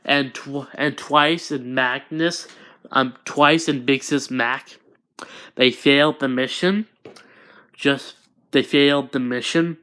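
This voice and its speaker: A man's voice: medium pitch, steady tone, slow pace, sharp tone, clear, resonant tone. A man improvising a fan story as narrator, hesitant and often restarting his sentences.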